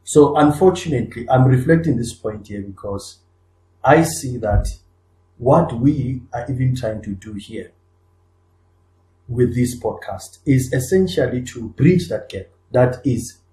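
A man's voice: mid-range voice, lively intonation, measured pace, mellow. A man co-hosting a podcast, talking earnestly and building up points with repeated restarts and emphatic rises. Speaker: podcast co-host. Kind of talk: conversational discussion. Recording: echoey room.

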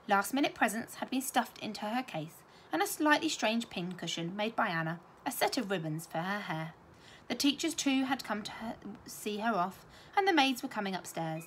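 A woman teacher reading a children's novel aloud with expressive storytelling. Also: mid-range voice, moderate pace, a little hiss or hum.

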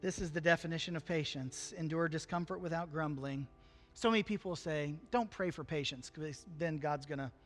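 A man's voice: a little high, normal speed, faint music behind. A man preaching a sermon, talking to the congregation in an earnest, conversational way and lifting his voice for emphasis. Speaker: pastor.

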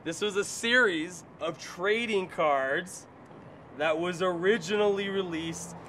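A man's voice: sits high, takes it slowly, a bit bright, slight background noise. A man hosting a playful game show, joking and teasing his guest. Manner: jokey, teasing, hypes up the win.

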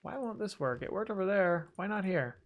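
A man's voice: high-pitched, expressive, a little fast. A man hosting a casual let's-play video, chatting and muttering to himself as he plays, joking at his own mistakes. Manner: chatty, self-deprecating, talks to himself while playing. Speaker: gaming video host.

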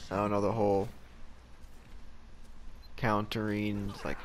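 A man's voice: lowish voice, flat delivery, takes it slowly, a little hiss or hum. A young man giving live gameplay commentary, frustrated and swearing as he rants at the game. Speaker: gameplay streamer.

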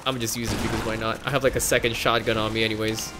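A man's voice: fairly low pitch, rapid-fire, few pauses, over loud music. A young man casually commenting on a co-op game, laughing, swearing and yelping whenever his character gets hit. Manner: laughing, excitable, swears, yelps when hit. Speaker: co-op gameplay streamer.

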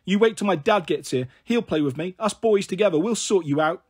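A man voicing a bossy little boy who talks in a loud, demanding way, with a husky tone. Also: sits high, animated, brisk.

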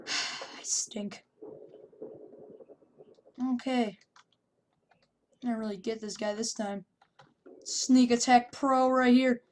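A young woman commenting on her own gameplay, shouting taunts in bursts and then muttering to herself. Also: fairly high pitch, fairly even intonation, slow pace, long pauses, a little hiss or hum. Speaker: gameplay YouTuber.

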